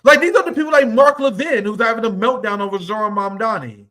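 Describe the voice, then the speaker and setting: A man's voice: high-pitched, fast, pushed and bright. A young man giving heated, profane political commentary, combative and mocking as he reacts to clips.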